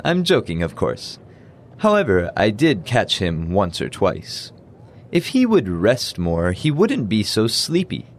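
A man's voice: on the low side, a little hiss or hum, full character voice. A man voicing a friendly university professor in a scripted dialogue for a language lesson. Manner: relaxed, friendly, reads lines then slowly repeats them.

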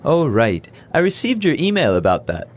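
A man voicing a friendly university professor in a scripted dialogue for a language lesson. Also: a little high. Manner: relaxed, friendly, reads lines then slowly repeats them.

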